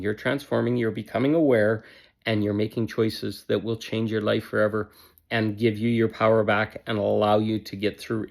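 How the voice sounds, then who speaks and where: A man's voice: on the low side, gravelly, a little mellow. A man giving a motivational self-help talk in an emphatic, repetitive and blunt way, with casual swearing.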